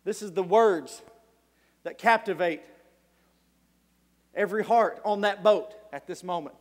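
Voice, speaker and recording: A man delivers an animated sermon, storytelling with sudden shouts and frequent chuckles. His voice sits very high for a man. The sound rings with the long reverb of a large hall. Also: measured pace, pauses often. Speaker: preacher.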